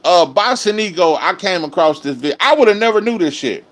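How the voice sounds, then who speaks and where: A man's voice: high voice, animated, fairly quick. A man, hosting a live-stream commentary with profane, emphatic ranting. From Dallas area, Texas. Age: 30s. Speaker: host.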